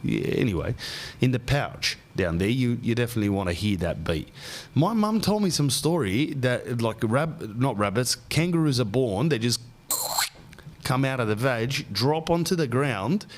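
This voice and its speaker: A man's voice: medium pitch, lively intonation, moderate pace. A man hosting a podcast, telling rambling stories in casual, slang-filled chat. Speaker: podcast host.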